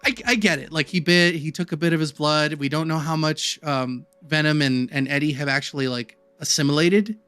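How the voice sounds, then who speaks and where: A man's voice: a little high, a little fast, few pauses, pushed and bright, clear, resonant tone, dry recording, soft background music. A man co-hosting a casual podcast, rambling with lots of "like" fillers. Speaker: podcast co-host. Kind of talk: casual chat.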